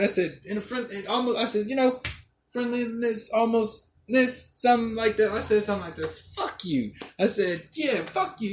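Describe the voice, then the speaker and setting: A young man hosting a podcast alone, telling rambling, profane stories and laughing often. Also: high voice. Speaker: podcast host. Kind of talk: casual monologue. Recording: echoey room, faint noise.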